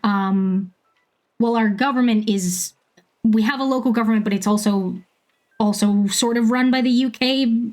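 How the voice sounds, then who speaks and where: A woman around thirty from Bermuda, chatting casually with viewers while she plays a game, laughing often and filling pauses with ums. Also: a little high, a little mellow. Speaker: streamer.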